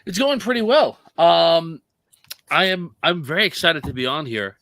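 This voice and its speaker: A man's voice: a little high, lively intonation, moderate pace, bright, forceful tone, no echo. A man appearing as a podcast guest, talking hesitantly with many fillers in casual chat. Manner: hesitant, hedging.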